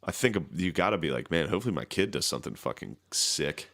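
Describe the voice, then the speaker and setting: A young man co-hosting a podcast, chatting in a laid-back, wry way and breaking into squeaky mock voices. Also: sing-song, fast talker, creaky, fairly bright tone. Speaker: podcast co-host. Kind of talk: casual chat.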